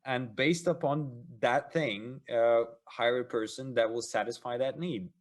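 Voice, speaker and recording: A man hosts an interview podcast at a mid pitch, his questions halting and full of small restarts. He praises the answers warmly and keeps the talk moving with short encouragements. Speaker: podcast host.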